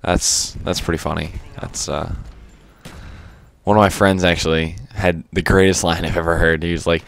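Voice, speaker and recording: A man's voice: low-pitched, little pitch movement, normal speed, gravelly. A man giving unscripted gameplay commentary, rambling and stuttery with lots of fillers and casual swearing. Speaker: gaming commentator.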